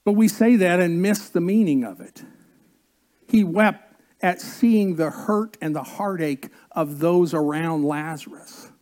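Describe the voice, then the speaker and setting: A man preaching a sermon as pastor, slow and earnest, drawing out key words and coaxing the congregation to join in. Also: sits high, a little mellow.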